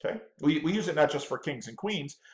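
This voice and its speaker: Stop-start pastor talking over a clip. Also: male voice, on the high side, animated, fairly quick, low-quality recording. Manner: stop-start, repeating words while thinking aloud. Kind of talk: commentary on a video clip.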